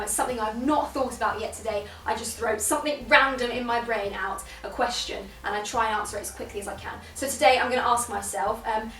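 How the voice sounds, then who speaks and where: Upbeat young British woman leading a drama warm-up. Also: fairly high pitch, distant mic. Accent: British English. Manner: upbeat, instructive, playful vocal sounds. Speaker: drama teacher. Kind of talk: guided warm-up lesson. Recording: echoey room, voice from off-mic.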